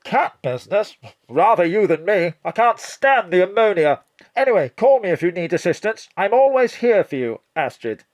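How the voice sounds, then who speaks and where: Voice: medium pitch, sing-song, moderate pace, a little mellow, no room sound, close to an everyday voice. An actor playing a helpful colleague on the phone in an audio drama, wry and reassuring. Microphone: home studio mic.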